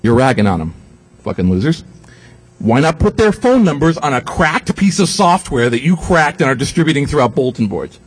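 A slightly high, breathy-edged male voice moves fairly quickly with few pauses through a comic lecture to an audience. Sarcastic and animated, he swears freely and imitates the people he quotes in mocking voices.

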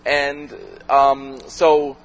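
A man, a documentary filmmaker, talking casually to an audience and answering questions, animated and profane, acting out the voices he quotes. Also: medium pitch, drawn-out words, low-quality recording. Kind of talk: casual talk with Q&A.

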